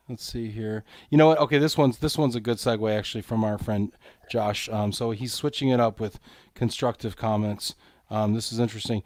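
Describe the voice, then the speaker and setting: A man's voice: medium pitch, dry recording, studio quality. Upbeat male host reading comments. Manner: upbeat, reads viewer comments aloud. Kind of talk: live show interview.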